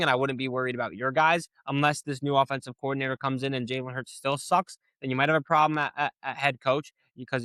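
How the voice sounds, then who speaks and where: A tired young man hosting a casual sports talk show, ranting with lots of swearing and growing animated when annoyed. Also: mid-range voice, smooth, no room sound. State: tired late at night. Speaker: sports podcast host.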